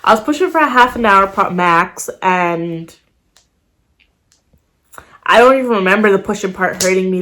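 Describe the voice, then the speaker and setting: A young woman vlogger casually telling a personal story to the camera, with plenty of slang and swearing and an animated way of retelling events. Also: mid-range voice, moderate pace, pauses often.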